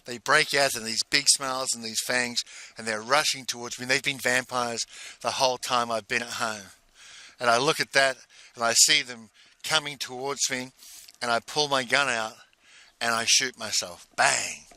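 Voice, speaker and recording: A man telling a personal story in a casual, halting way, full of restarts and repeated words. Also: mid-range voice, fairly even intonation, sharp tone, no room sound. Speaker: speaker recounting a personal exercise.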